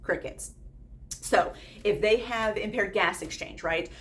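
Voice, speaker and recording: A woman's voice: medium pitch, a little slow. A woman in her thirties teaching nursing students in a casual, blunt way. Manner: blunt, lively, quotes students in put-on voices. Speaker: nursing instructor.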